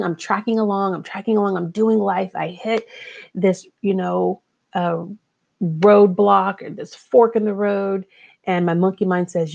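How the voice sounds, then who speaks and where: Woman coach talking earnest and chatty, bit of a gravelly edge, kinda dull lo-fi recording. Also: lowish voice, a little mellow. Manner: earnest, conversational, acts out her inner voice. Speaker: life coach. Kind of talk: casual motivational talk.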